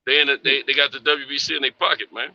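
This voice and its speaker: A man's voice: mid-range voice, fairly even intonation, fast, gravelly, bright, forceful tone. A man joining a live stream as a guest, boastful and joking in casual chat. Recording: dry, lo-fi call audio.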